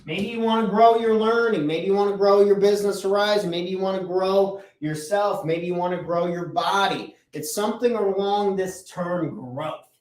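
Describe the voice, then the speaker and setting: High-voiced man coaching from a distance. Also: moderate pace. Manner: energetic, repeats key phrases for emphasis. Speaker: business coach and podcast host. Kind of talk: motivational talk at a chalkboard. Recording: roomy echo, voice off-mic.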